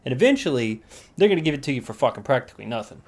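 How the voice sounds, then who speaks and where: A man's voice: mid-range voice, big pitch swings, racing, a little mellow. A man co-hosting a casual podcast with a laid-back, crude, self-mocking way of talking. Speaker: podcast co-host. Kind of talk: casual chat.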